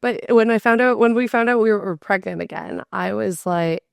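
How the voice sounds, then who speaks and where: Gravelly-voiced woman podcast host. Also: medium pitch, fairly quick, no room sound, studio quality. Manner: animated storyteller, heavy use of "like". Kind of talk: casual conversational interview.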